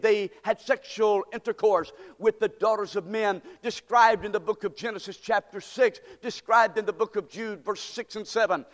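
Man, pastor, sermon, high-pitched, emphatic preaching, echoing church hall. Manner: emphatic preaching, swelling louder and higher on key words.

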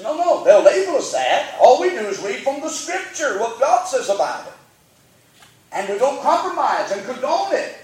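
A man preaching a sermon as pastor, fervent and call-and-response, rising to shouts. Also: very high-pitched. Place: church sanctuary. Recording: very echoey church, mic at a distance.

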